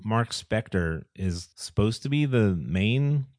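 A man's voice: fairly low pitch, expressive, takes it slowly, a little mellow, dry recording, studio quality. A man co-hosting a podcast, chatting in an easygoing, chatty way and laughing often. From United States. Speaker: podcast co-host. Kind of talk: casual chat.

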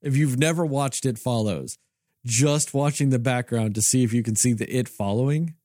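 A man's voice: medium pitch, moderate pace, dark tone, no room sound, clean studio sound. A man co-hosting a podcast in casual chat, ranting in a heated, profane way. He is from Texas. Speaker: podcast co-host.

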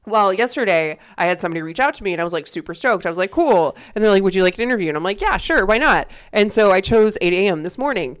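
A woman's voice: medium pitch, lively intonation, rapid-fire, few pauses, smooth. A young woman co-hosting a casual podcast, telling a long story with lots of swearing and laughter. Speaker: podcast co-host. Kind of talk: casual chat. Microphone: desk mic.

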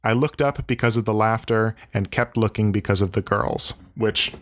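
A man co-hosting a book discussion, giving an organized, measured review. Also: fairly low pitch. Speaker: book club podcast co-host.

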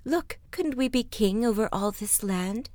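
A woman's voice: a little high, expressive, a little slow, darkish tone, dry recording, voice pushed up. A woman voicing a greedy, demanding fisherman's wife in a fairy tale read-aloud. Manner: pushy, insistent.

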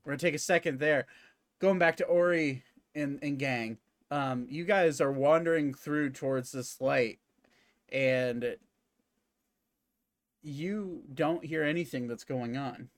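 A man narrating as game master of a tabletop game in a casual, halting way with many fillers. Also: a little high, no room sound.

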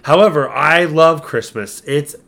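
A man in his thirties with a hoarse, worn-out voice, chatting casually and rambling cheerfully as a podcast co-host. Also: on the high side, measured pace, fairly bright tone. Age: 30s.

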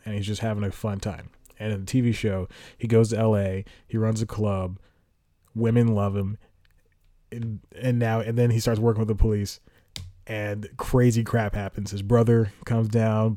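Man, young adult, podcast host, casual rambling chat, self-correcting, dark warm tone, dry room. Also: lowish voice, no room sound.

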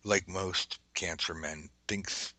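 A man's voice: low-pitched, fairly even intonation, takes it slowly, pushed and bright, no room sound, low-quality recording. A man hosting a casual tarot lesson podcast, rambling and chatty, drifting into side stories and the odd swear word. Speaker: podcast host teaching tarot.

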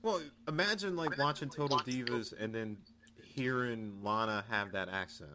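A man co-hosting a podcast in casual chat, recapping news in a relaxed, chatty way. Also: mid-range voice, normal speed, a crowd in the background. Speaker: podcast co-host.

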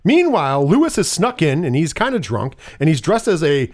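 Animated, high-voiced man recapping a movie. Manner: animated retelling, acting out scenes in quick voices. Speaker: movie podcast co-host. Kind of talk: casual movie recap chat.

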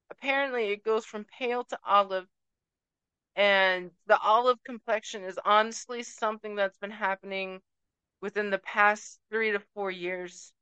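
A woman from Puerto Rico delivers an emotional vlog rant, slow and deliberate, stressing her points and slipping Spanish words into her English. Her voice is bright and sits a little high, smooth and clear, in a dry space. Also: no room sound, poor audio. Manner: emphatic, slips into Spanish words. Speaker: vlogger.

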